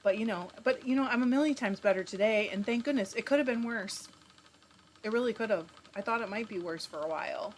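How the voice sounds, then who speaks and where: A woman's voice: a little high, a little fast, a little hiss or hum. A woman hosting a live stream, chatting casually, greeting viewers by name and reading their comments aloud. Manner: laughs often while talking. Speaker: livestream host spinning yarn.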